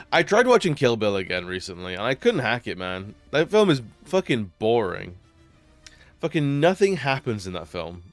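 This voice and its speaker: A man's voice: mid-range voice, sing-song, unhurried, dry recording, soft background music. A man chatting casually on a live stream while gaming, rambling with lots of fillers and frequent laughs.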